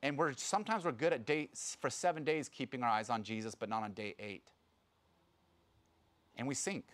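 A man giving a sermon as a pastor, talking casually and acting out quotes in a louder voice. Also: medium pitch, moderate pace. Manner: conversational, animated preaching with sudden loud acted quotes.

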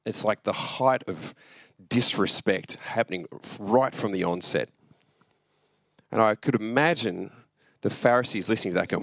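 A pastor giving a sermon in an earnest, conversational way, reading scripture and then explaining it with asides. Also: male voice, lowish voice, normal speed, vocal fry, no room sound.

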